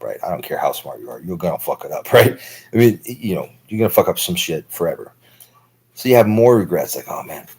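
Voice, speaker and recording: A man's voice: deep voice, a little mellow, slightly rough, poor audio. A man in his thirties talking through a long, profane, rambling monologue for his stream, full of filler words. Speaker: livestream host.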